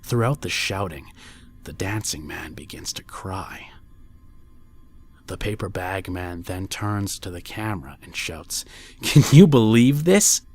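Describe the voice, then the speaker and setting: A man reading a scripted creepypasta horror story in a hushed voice that often drops to a near whisper. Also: sits low, a little slow. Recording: faint music bed under voice.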